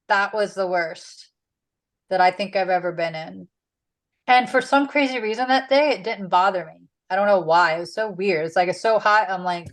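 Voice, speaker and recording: A woman's voice: medium pitch, rough recording. A woman leading a casual Bible study, chatty and full of fillers. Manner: chatty, with many "like"s and "um"s.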